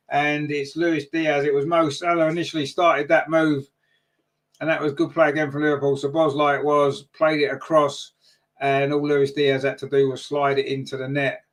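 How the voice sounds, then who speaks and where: A man's voice: medium pitch, little pitch movement, moderate pace. A man giving live fan-channel football commentary, chatty and partisan, his voice jumping up when chances come.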